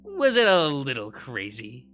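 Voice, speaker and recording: A man voicing a manic, menacing male weasel with a gun who taunts and shouts. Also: mid-range voice, wildly swooping pitch, unhurried, faint music behind, pitched above the performer's own voice.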